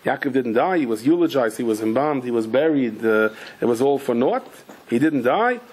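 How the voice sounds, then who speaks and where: A man giving a Torah class as a sermon, telling stories animatedly, acting out voices with sudden high shouts, and mixing Hebrew and Yiddish terms into his English. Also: lively intonation, moderate pace, husky.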